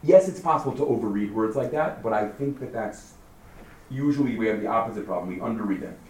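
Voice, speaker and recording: A man teaching a text study class, thinking out loud and firing questions at his students. He sounds far from the mic in a roomy room with a faint hiss behind him. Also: lowish voice, quick pace. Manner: lively, questioning, thinks aloud.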